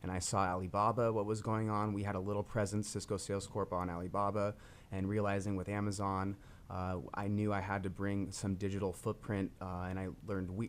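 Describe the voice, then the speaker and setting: A man in his thirties speaking haltingly in a casual interview, with many pauses and restarts. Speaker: co-founder. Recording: faint low rumble.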